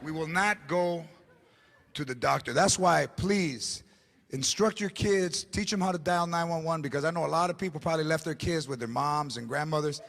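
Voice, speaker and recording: A male stand-up comedian, telling animated stories live and slipping in Spanish words. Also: fairly high pitch, normal speed, gravelly. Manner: animated storytelling, mixing in Spanish words, frequent voices. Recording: live stage mic, loud crowd laughter.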